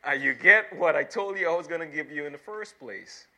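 A man delivers a sermon as a pastor, his voice sitting a little high and ringing bright and forceful. He reads scripture aloud and presses his points by repeating words and building emphasis. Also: lively intonation, brisk.

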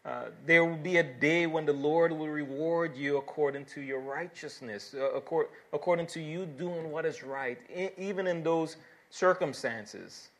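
A man's voice: a little high, moderate pace, a bit bright. A man preaching a sermon, reading scripture verses aloud and then explaining them earnestly, building to emphatic exhortations. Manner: earnest, with fillers and restarts, rising to emphatic exhortation.

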